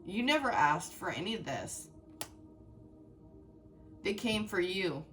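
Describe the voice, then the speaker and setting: A woman's voice: mid-range voice, expressive, slow pace, a bit bright, distant mic, faint music behind. A woman giving a heartfelt, emotional tarot reading, speaking straight to her viewers with many fillers and restarts. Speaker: tarot reader.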